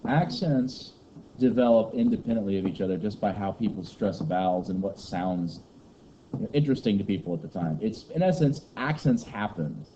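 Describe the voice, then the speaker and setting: A man's voice: on the low side, expressive, normal speed, dark tone. A man from giving a rambling, joking lecture to a class. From Kentucky, USA. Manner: joking, rambling teacher banter. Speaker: teacher. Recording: muffled classroom recording with faint noise.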